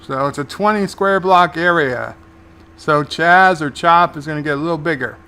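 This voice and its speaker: A man's voice: a little high, normal speed, bright, forceful tone, clear, resonant tone. Casual man recapping a TV episode. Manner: casual, recaps scenes and paraphrases lines. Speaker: show host and reviewer. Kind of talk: live watch-along commentary.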